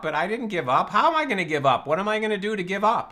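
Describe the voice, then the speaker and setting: A man's voice: sits high, sing-song, fast talker, sharp tone. A man hosting a live online Q&A show, talking casually and explaining his ideas through rhetorical questions. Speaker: host and personal-growth teacher.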